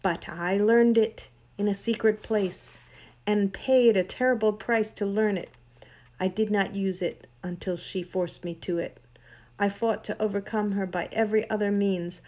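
An imperious ancient queen of sorcery speaks, voiced by a woman reading a storybook aloud. Her voice is grand, cold and commanding, with a pitch that sits at an ordinary middle height. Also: fairly even intonation, unhurried, mellow, natural voice.

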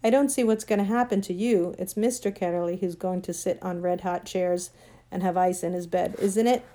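A woman voicing a spirited, sharp-tongued young girl in a storybook reading, brisk and tart. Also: on the low side, fairly even intonation, lightly acted. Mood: scornful.

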